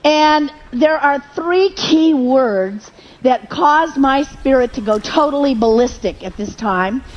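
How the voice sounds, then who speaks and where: A woman's voice: high voice, dull audio. A woman preacher telling a personal testimony in a sermon, with emotional storytelling that rises into fervent prayer.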